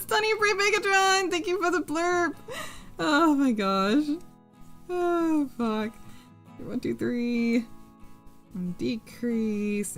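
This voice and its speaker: A woman's voice: high voice, gravelly, a bit bright. A woman hosting a casual craft live stream, reading chat aloud, laughing often and swearing freely as she works. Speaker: streamer and host.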